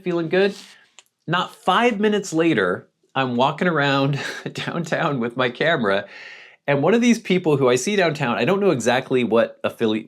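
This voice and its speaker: Lower-voiced man telling a story. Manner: animated, self-deprecating anecdote telling with quoted dialogue. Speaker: vlogger. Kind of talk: casual storytelling.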